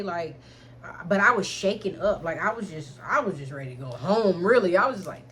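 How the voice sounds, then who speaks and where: A woman's voice: lowish voice, expressive, a little fast, a bit bright, a little hiss or hum. A young adult woman vlogger telling a candid storytime in frank slang, keeps addressing listeners as y'all.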